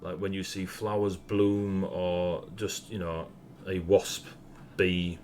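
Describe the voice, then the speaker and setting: A man's voice: sits low, flat delivery, slow, a little mellow, soft background music. A young man with a Northern English accent, narrating a tabletop game as game master in a laid-back, rambling way and laughing often.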